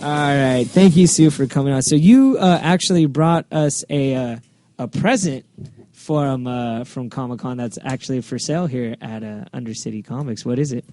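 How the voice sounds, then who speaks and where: A man's voice: medium pitch, moderate pace, warm tone, soft background music. A man hosting a comics podcast, rambling and laughing while he tells stories. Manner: rambling, lots of laughing and quoting. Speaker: podcast host. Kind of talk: casual chat.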